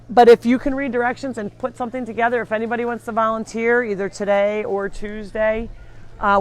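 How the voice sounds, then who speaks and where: A woman hosting a live farm sanctuary tour. She talks to viewers in a chatty, rambling way as she walks outdoors between the pens, recorded on a handheld mic. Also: on the high side. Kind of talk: casual live-stream tour narration.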